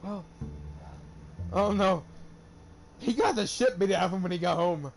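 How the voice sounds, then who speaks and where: A young man with a high-sitting voice talks a little slowly over slight hiss or hum while streaming a game. He tells a rambling, profane story in casual chat, getting animated when quoting.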